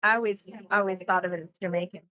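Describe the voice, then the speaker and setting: A woman chatting casually as a guest co-commentator on a pool stream, telling relaxed stories. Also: mid-range voice, racing, no room sound, lo-fi sound. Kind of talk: casual chat.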